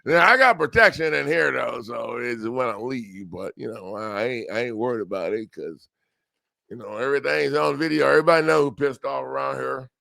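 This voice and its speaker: A man's voice: mid-range voice, brisk, vocal fry, bright, forceful tone, dry recording, clean studio sound. An older man hosts a legal self-help livestream, rambling casually and joking at himself with frequent laughs.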